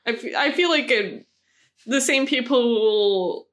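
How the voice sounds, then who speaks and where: A woman co-hosting a casual film chat, hesitant and hedging, quick to laugh. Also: fairly high pitch, animated, a bit bright. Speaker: podcast co-host.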